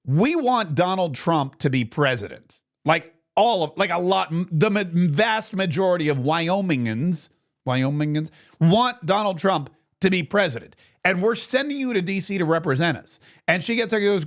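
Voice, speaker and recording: A man hosts a talk show in an animated, mocking tone. His pitch sits a little high for a man and swings widely as he riffs. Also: normal speed. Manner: animated, mocking, fumbles with clips on air. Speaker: radio talk show host.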